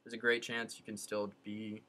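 A woman's voice: rumbling low, flat delivery, moderate pace, a bit bright. A woman co-hosting a casual advice chat, talking earnestly and saying "like" a lot. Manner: chatty, earnest, says "like" often. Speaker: advice show co-host.

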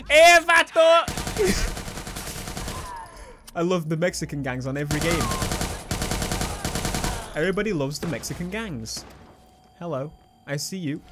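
A young man giving excitable, swearing let's play commentary over a video game. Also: fairly high pitch, heavy background noise. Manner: excitable, swearing, laughing at his own jokes. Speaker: gaming YouTuber. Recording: game gunfire and sounds behind.

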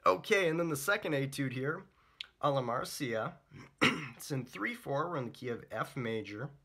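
A young man teaching trumpet in a chatty, relaxed way, sometimes scatting the phrases. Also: medium pitch, moderate pace, slightly rough. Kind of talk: casual music lesson.

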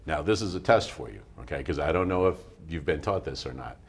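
A low, husky male voice belongs to a math show host speaking in a TV studio. He teaches patiently, walking a young student through each step. He keeps checking in with an easy "all right?". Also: animated, fairly quick. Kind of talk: friendly classroom-style teaching.

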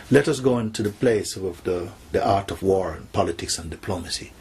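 A man, a spiritual teacher, telling a teaching story softly and acting out the characters' lines. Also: low voice, normal speed, breathy edge.

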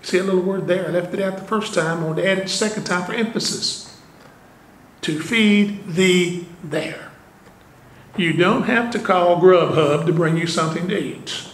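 A man's voice: high-pitched, a little fast, a little hiss or hum. A man preaching a sermon as pastor, earnest, with rhetorical questions and conversational asides, recorded in a church sanctuary. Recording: roomy church echo.

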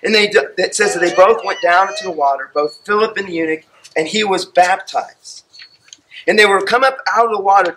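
A male pastor telling a Bible story in a sermon, acting out the scenes with animated storytelling, out of breath. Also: high voice, slight background noise, low-quality recording.

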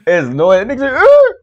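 A young man commenting on fail clips in a casual reaction video. His voice sits high and swings widely in pitch. He is animated and exclamatory, swears freely and laughs often. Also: lo-fi sound.

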